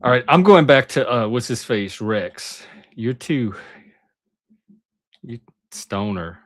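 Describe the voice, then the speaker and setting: A male host chatting on a live stream, teasing and halting with frequent restarts. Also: medium pitch, expressive, fairly bright tone, no room sound, studio quality. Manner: teasing, hesitant, many restarts. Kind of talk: casual live-stream chat.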